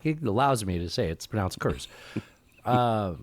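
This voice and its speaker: A man's voice: fairly low pitch, expressive, measured pace, dry recording. A man co-hosting a podcast in casual chat, rambling and joking and laughing often. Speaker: podcast co-host.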